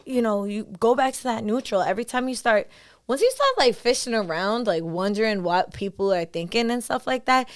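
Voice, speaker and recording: A woman's voice: on the high side, a little fast. A woman as a podcast guest in casual chat, candid and profane, acting out her own inner voice. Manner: candid, profane, animated self-talk.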